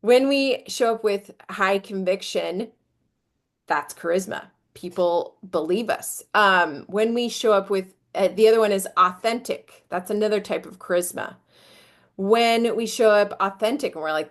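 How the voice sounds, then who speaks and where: A woman's voice: expressive, unhurried. Middle-aged woman, live-stream host, casual, filler-heavy, playful. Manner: chatty, filler-heavy, jumps up high when demonstrating energy.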